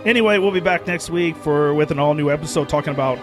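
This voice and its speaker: A man co-hosting a casual pop-culture podcast. He talks in a rambling, excitable way with casual swearing, and his voice is getting hoarse. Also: a little high, fast talker, over music. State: losing his voice. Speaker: podcast co-host. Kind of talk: casual chat.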